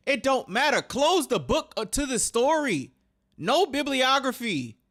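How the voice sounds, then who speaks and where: A man hosting a reaction video, talking casually and reacting out loud, agitated and swearing often. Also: very high-pitched, big pitch swings, measured pace.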